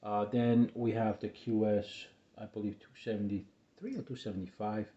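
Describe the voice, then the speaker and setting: A man with a lowish, mellow voice talks through his e-bike builds in a casual vlog, pausing often with fillers. The sound is dull and lo-fi, and it echoes around the room. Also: level tone. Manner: halting, many filler pauses.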